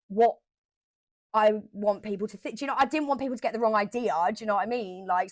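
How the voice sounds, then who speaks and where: Woman vlogger telling a story to camera, emotional, swears a bit, repeats stuff, mid pitch, dry sound. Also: dry recording. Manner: emotional, animated retelling with swearing; repeats herself for emphasis.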